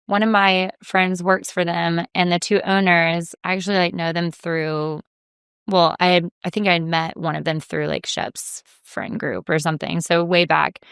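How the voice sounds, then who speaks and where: Chatty woman, smooth dry voice. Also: on the low side, fairly even intonation, moderate pace, fairly bright tone, no room sound. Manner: chatty, quotes herself and others often. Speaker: reality TV guest. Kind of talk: casual interview chat.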